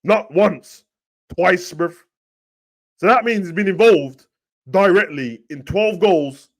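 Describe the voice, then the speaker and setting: A man's voice: high-pitched, takes it slowly. Slangy young man ranting on football. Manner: slangy, rambling, animated. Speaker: football talk host. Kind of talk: casual football rant.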